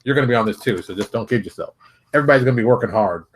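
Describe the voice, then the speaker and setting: A man's voice: mid-range voice, racing, a little hiss or hum. A man hosting his own solo show, talking in a brash, joking and self-mocking way. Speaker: show host. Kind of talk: solo livestream talk.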